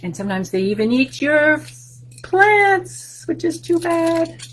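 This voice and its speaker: A woman reading a picture book to young children, coaxing guesses and praising them, with soft whispered sound effects. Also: sits high, big pitch swings, takes it slowly, slight background noise, low-quality recording. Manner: sing-song, coaxing, asks questions then praises guesses. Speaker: children's librarian.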